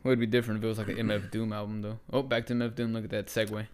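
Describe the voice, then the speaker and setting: A man's voice: on the low side, little pitch movement, rapid-fire, a little mellow, clean tone. A man co-hosting a podcast in casual chat, rambling with lots of fillers and swearing. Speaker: podcast co-host.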